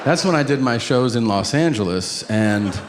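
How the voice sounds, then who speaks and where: A middle-aged male stand-up comedian telling stories loudly on stage, acting out both sides of the talk. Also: medium pitch, normal speed, noisy background. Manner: loud, animated storytelling with voiced quotes. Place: comedy stage before a laughing audience. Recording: live show with crowd laughter.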